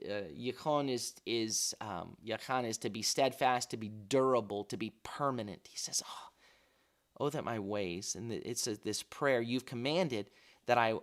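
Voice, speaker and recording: A man's voice: medium pitch, normal speed, vocal fry. A man leading a daily devotional, earnest and thinking aloud with frequent restarts and fillers, sounding out Hebrew words as he explains them. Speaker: pastor.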